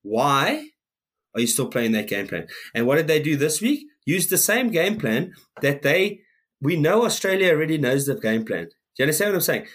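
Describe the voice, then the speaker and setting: A man's voice: a little high, expressive, normal speed, fairly bright tone. Man, podcast co-host, heated rant, frequent swearing. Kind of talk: casual chat.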